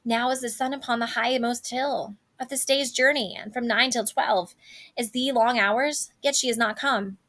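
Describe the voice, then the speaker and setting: A woman's voice: a little high, fairly even intonation, normal speed, a bit bright, close to an everyday voice. An eager, pleading teenage girl full of impatience, read aloud by a woman. The verse comes out in a slightly raised voice. It is a plain classroom reading of a play. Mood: impatient.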